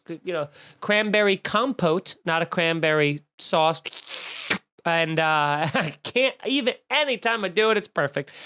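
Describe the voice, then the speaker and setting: A man, a comedian hosting a podcast, telling a story as an animated, indignant rant that swells into mock outrage and swearing. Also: sits high, clean tone.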